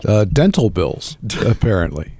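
Male co-host, soft dark tone, dry teasing quips. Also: lowish voice, big pitch swings, a little slow, breathy edge. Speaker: podcast co-host. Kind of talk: casual banter.

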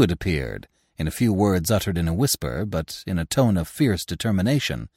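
A man narrating a classic story for an audiobook podcast, in an expressive, theatrical way. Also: lowish voice, no room sound, clean studio sound. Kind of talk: dramatic audiobook reading.

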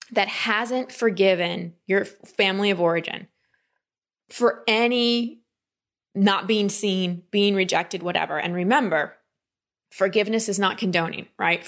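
A woman coaching a client in a calm talk, often slipping into quoted inner voices. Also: medium pitch, normal speed. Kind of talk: coaching session.

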